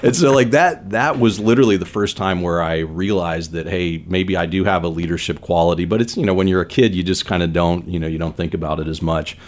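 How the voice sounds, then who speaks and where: Deep-voiced man telling stories earnestly. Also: fairly quick, hardly any pauses. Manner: earnest, rambling with many "you know" fillers. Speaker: business leader guest. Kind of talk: conversational interview storytelling.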